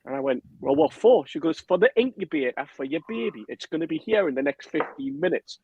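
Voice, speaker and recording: A man telling a lively anecdote on a podcast, acting out the other people's lines. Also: on the high side, a little fast, husky, highs cut off. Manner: animated storyteller, acts out quotes, laughs often. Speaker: podcast guest telling a story. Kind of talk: casual anecdote.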